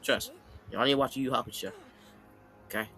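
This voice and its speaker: A man's voice: medium pitch, fairly even intonation, a little fast, pushed and bright, faint music behind. A man casually recapping an anime fight in a rambling, slangy way, often checking in with "okay?". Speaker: anime commentator.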